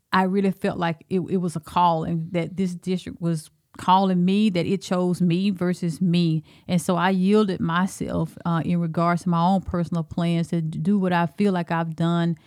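A Southern woman from Alabama tells her story in a measured, earnest way. Her voice sits low and keeps a steady, even melody. The sound is dry and close, with no room around it. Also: dry recording. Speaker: school superintendent, guest. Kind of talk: podcast interview.

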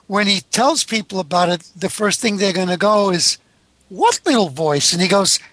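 A man's voice: high-pitched, fairly even intonation, fairly quick, pushed and bright, no echo. A man with a North American accent hosting an interview, chatty and enthusiastic. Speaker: interview host. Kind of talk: interview conversation.

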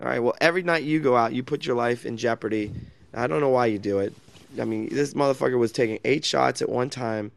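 A man's voice: mid-range voice, fast, vocal fry, no echo. A man hosting a casual chat in an online audio room. He speaks in a brash, mocking way and swears a lot. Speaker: host.

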